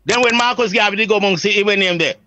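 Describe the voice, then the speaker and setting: Jamaican man, high voice, emphatic preacher, dry, muffled lo-fi sound. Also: rapid-fire, bright, forceful tone, soft background music. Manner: emphatic, preacherly, often asks "you see what I say?". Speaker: Rastafari priest, guest. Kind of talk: religious reasoning, casual talk.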